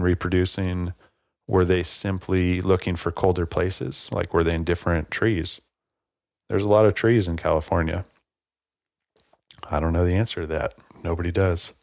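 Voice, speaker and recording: A man's voice: sits low, vocal fry, dry recording, studio quality. A man hosting a podcast alone, talking casually and rambling a little, with plenty of fillers. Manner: relaxed, rambling, many fillers. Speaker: podcast host. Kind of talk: casual solo podcast talk.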